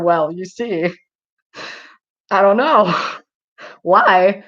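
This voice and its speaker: A woman's voice: medium pitch, very slow, fairly bright tone, muffled recording. A woman chatting casually on a livestream and reading out comments, rambling and giggling with lots of filler words.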